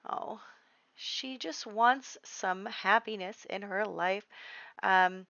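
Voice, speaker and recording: A woman giving casual let's-play commentary, chatty and giggly, telling the story and quickly quoting the characters. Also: mid-range voice, vocal fry, pushed and bright, no echo, highs cut off. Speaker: gameplay commentator.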